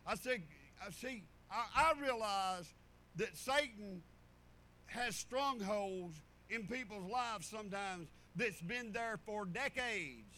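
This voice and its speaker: A man's voice: sits high, lively intonation, slow, pushed and bright. A man preaching a sermon, folksy and storytelling, repeating phrases for emphasis. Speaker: pastor.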